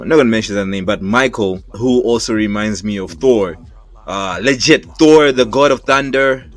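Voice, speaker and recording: A man telling a personal childhood story in a casual, lively way, acting out voices as he goes. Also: mid-range voice. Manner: lively, acts out voices in his anecdotes. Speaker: storyteller, animator. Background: background music.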